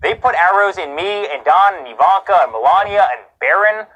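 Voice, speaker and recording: A man's voice: high-pitched, lively intonation, moderate pace, fairly bright tone, dull audio. A man giving a live TV news interview as a guest, talking in a heated, indignant way and hammering points home with repetition.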